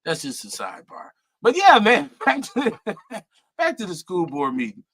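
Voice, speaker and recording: A middle-aged man co-hosting a casual talk show, animated and profane, laughing often and mimicking people. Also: high-pitched, normal speed, a little hiss or hum. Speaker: co-host.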